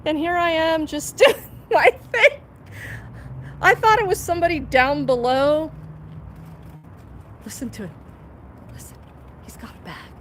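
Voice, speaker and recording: A woman chats on a live stream outdoors, her voice very high and bright. She talks slowly, curses casually and keeps laughing, recorded on a phone by a building at night. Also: expressive, a little hiss or hum. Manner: profane, laughs a lot.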